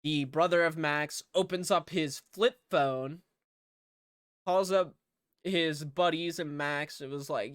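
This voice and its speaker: A man talks through a movie's plot at an unhurried pace, in a voice that is clear and smooth. He rambles, swears freely and leans on fillers as he recaps. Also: on the high side, a bit bright, no echo, clean studio sound. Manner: rambling, profane, filler-heavy. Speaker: movie reviewer.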